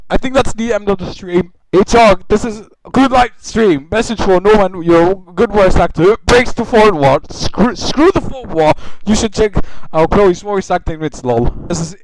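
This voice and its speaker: A man commentating a reaction livestream, excitable, yelling reactions and tripping over his words. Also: sits high, no room sound, poor audio. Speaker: streamer. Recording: loud music under the voice. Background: music from the clips he plays.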